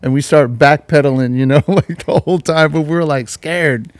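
A man's voice: on the high side, normal speed, no room sound. A man hosting a podcast, telling a casual story full of slang and acting out the voices of the people in it. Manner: laid-back slangy storytelling, acts out voices in quotes. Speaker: podcast host.

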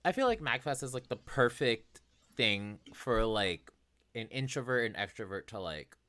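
A young man chatting casually as a podcast co-host, an animated storyteller who acts out quotes and laughs often. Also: mid-range voice, normal speed, no room sound. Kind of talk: casual chat.

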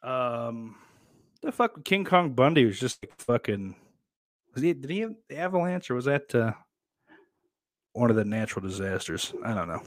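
A man's voice: medium pitch, very animated, moderate pace, pauses often, dry recording. A young man streaming live, reading chat messages aloud and rambling bluntly about wrestling with lots of swearing, close to a desk mic. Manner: blunt, profane, rambling with restarts and laughs.

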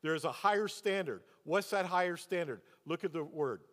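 A man's voice: fairly high pitch, expressive, normal speed, a bit bright. A man preaching as a pastor, telling a personal story and then pressing the congregation with rhetorical questions. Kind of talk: sermon. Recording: long hall reverb.

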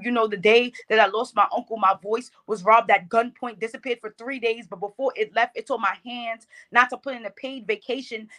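A woman's voice: on the high side, pushed and bright. A woman performing her own spoken word poem, with a rhythmic, emphatic delivery. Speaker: poet.

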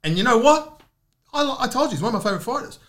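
A man hosting a casual podcast, animated and joking, often jumping in with questions. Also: extremely high pitch, quick pace. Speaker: podcast host.

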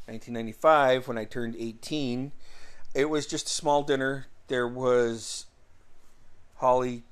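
A man in his forties casually telling a rambling story from his youth, swearing freely and filling pauses with uh and um. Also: medium pitch, steady tone, clear, resonant tone. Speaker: vlogger.

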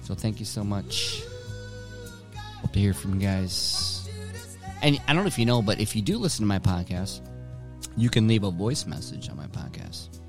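A man's voice: lowish voice, wildly swooping pitch, normal speed, pauses often, music in the background. A man hosting his own podcast from home, rambling casually with lots of swearing and self-directed jokes. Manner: profane, rambling, joking with himself. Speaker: podcast host.

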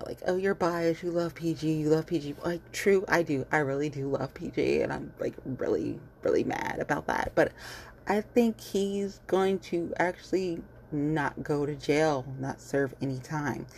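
A woman's voice: deep voice, animated, normal speed, vocal fry, a little mellow, a little hiss or hum. A woman ranting bluntly and heatedly in casual commentary, cursing freely and repeating herself with lots of fillers. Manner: fillers and repetitions. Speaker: vlogger.

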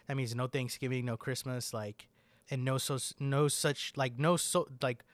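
A man's voice: mid-range voice, fairly even intonation, moderate pace, dry recording. A man in casual chat with a friend, rambling, swearing often and filling his talk with "like". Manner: rambling, swears a lot, fills with "like".

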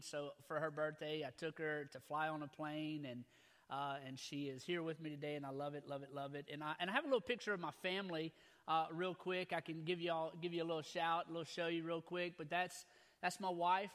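A man, preaching a sermon in a folksy, energetic, repetitive way. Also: a little high. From Louisiana. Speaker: pastor.

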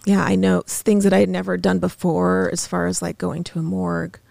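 Woman, thirties, gravelly, mellow, halting, many fillers, studio guest. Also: on the low side, completely flat delivery, no echo. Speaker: podcast guest. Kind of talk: emotional personal storytelling.

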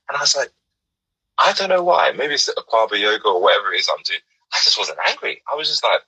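A man's voice: medium pitch, very animated, fast, pushed and bright, breathy edge, low-quality recording. A man hosting a casual chat, upbeat and encouraging, rambling through stories. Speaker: host.

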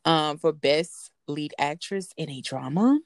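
A woman's voice: low voice, expressive, a little slow, no room sound. A woman co-hosting a podcast in casual chat, full of fillers and self-corrections. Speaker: podcast co-host.

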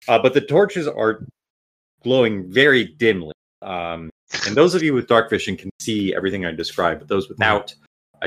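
Bright-voiced game master, halting narration. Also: male voice, lowish voice. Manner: halting with many fillers, playful.

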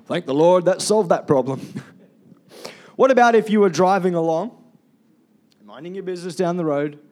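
A man's voice: on the high side, darkish tone. A man preaching a Sunday sermon as pastor, chatty and conversational, asking the congregation questions and calling for amens. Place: church.

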